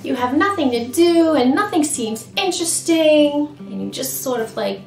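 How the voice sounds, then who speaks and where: A woman as a children's librarian, singing and talking to toddlers in an animated, sing-song way with exaggerated expressions. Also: sits high, normal speed. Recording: roomy sound with guitar music.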